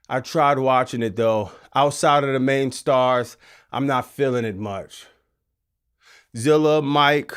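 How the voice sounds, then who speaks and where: A man ranting on a live stream about wrestling, exasperated and sarcastic, sometimes bursting into shouts. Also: on the high side, clean tone.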